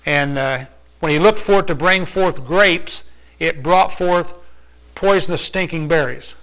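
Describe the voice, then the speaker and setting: Folksy man preacher, high and bright, teaches casually and quizzes the room. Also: a little slow, low-quality recording. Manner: folksy, conversational, asks the listeners questions. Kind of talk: informal Bible teaching.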